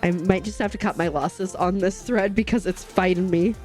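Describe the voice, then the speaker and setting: A young woman casually hosts a live stitching stream at home, recorded on a desk mic, rambling bubbly and answering what her chat writes. Her lowish voice has a darkish tone at a normal pace, accompanied by soft background music.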